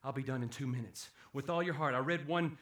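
A man preaching a sermon, swinging from hushed, low passages to loud, emphatic peaks. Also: fairly quick, roomy sound. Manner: dramatic swings from hushed to shouting.

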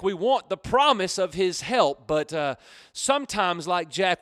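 A man's voice: on the high side, no room sound, studio quality. A man preaching on a radio program, telling stories and repeating key phrases for emphasis. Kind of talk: radio sermon.

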